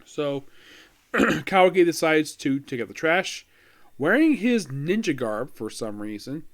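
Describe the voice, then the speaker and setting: A man's voice: on the high side, very animated, a little slow. A man talking through an anime episode in casual commentary, rambling with lots of fillers, restarts and wry asides. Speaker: anime reviewer.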